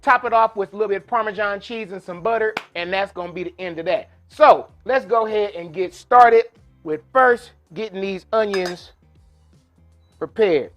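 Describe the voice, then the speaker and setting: Soft background music plays as a man hosts a live cooking demo, chatting in a casual, folksy way to viewers from a kitchen with an induction burner. His high voice moves at a moderate pace and sounds fairly bright.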